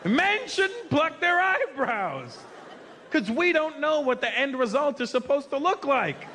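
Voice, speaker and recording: High bright man ranting on stage. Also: very animated, measured pace, slight background noise. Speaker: stand-up comedian. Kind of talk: stand-up comedy. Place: comedy club stage.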